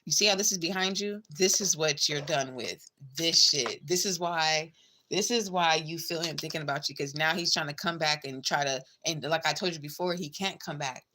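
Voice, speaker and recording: Low voiced woman doing a tarot reading, chatty, swears a lot, calls you babe. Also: moderate pace, sharp tone, slight background noise. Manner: chatty, blunt, swears casually, calls the listener babe and girl. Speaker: tarot reader. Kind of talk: casual tarot reading to a viewer.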